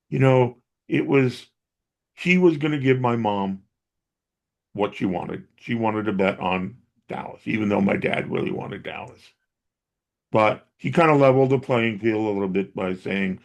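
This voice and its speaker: A man's voice: fairly low pitch, moderate pace, creaky. A middle-aged man, an interview guest who helps dementia caregivers, earnestly telling stories about his family. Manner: earnest and reflective, recounting family memories. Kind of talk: conversational personal storytelling.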